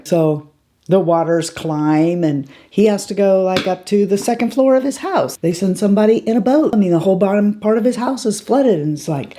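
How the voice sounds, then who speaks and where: A woman's voice: on the low side, moderate pace, dark tone, a little hiss or hum. A woman vlogger chatting casually while she gets ready, laughing as she tells a joke. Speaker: beauty vlogger. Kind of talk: casual chat.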